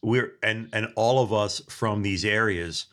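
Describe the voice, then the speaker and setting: A man's voice: on the low side, unhurried, fairly bright tone. A man hosting a casual podcast chat, laughing often and rambling. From Delaware County, Pennsylvania. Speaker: podcast host.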